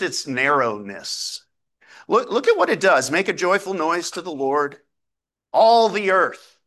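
A man delivering a sermon with a bright, forceful tone and a somewhat high-set voice. He talks to his congregation conversationally, poses rhetorical questions, and slows down to read scripture aloud with emphasis. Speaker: pastor.

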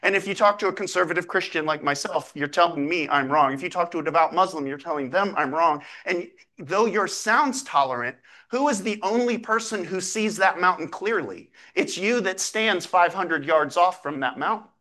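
Bright-voiced man preaching conversationally. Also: high voice. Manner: conversational preaching with rhetorical questions; reads scripture aloud slowly and emphatically. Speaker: pastor. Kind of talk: sermon.

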